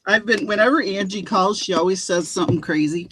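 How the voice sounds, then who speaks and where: A woman's voice: medium pitch, brisk, crowd noise. A woman co-hosting a casual chat, telling amused stories about a friend. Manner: storytelling, amused. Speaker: co-host.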